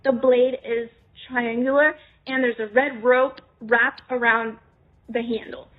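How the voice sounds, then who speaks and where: A woman's voice: on the high side, level tone, a little slow. A young woman casually telling a story in the second person, acting out bits of dialogue. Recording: tinny phone-like sound.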